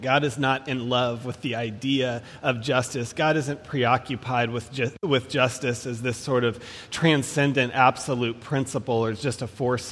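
A man preaching a sermon in a measured, emphatic way, slowing down to stress key phrases. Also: on the high side, a bit bright, in a large hall.

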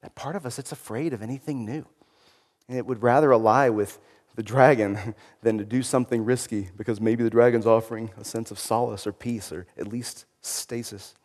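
A man's voice: mid-range voice, steady tone, brisk, a little mellow. Reflective man giving a talk in a hall. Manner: reflective, conversational, with fillers. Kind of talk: informal sermon-style talk.

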